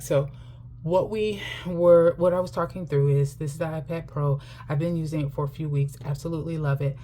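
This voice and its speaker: A woman's voice: sits low, dark tone, a little hiss or hum. A middle-aged woman telling a personal story while chatting casually to camera about her finances, laughing often.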